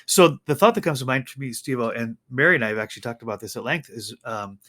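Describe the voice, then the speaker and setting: A man's voice: medium pitch, fast talker. A man co-hosting a casual chat, telling stories animatedly and talking about faith. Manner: animated storytelling with faith talk. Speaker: co-host.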